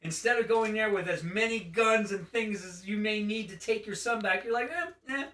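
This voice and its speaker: A man co-hosting a casual gaming chat, recapping a game with animated storytelling and funny put-on character voices. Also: high voice, normal speed, reverberant, far from the mic. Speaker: podcast co-host.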